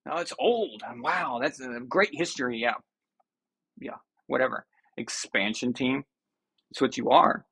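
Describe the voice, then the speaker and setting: A man's voice: medium pitch, expressive, measured pace, pushed and bright, breathy edge. A man hosting a sports live stream, chatting casually and ranting with mock outrage to his viewers.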